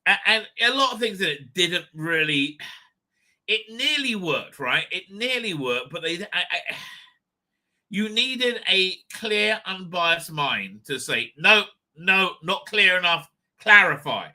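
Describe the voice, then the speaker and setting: A man giving a live reaction review in a very bright, forceful voice that sits a little high. He rambles and restarts, swears freely, and flares into loud outbursts. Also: very animated, slow. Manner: rambling, profane, stop-start with sudden loud outbursts. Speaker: show host and reviewer.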